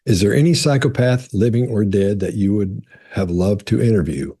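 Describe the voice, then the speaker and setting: Deep gravelly-voiced man explaining. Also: normal speed, warm tone, a little hiss or hum. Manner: rambling, restarts phrases, reads out questions. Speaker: body language expert answering viewer questions. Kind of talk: casual explanatory talk.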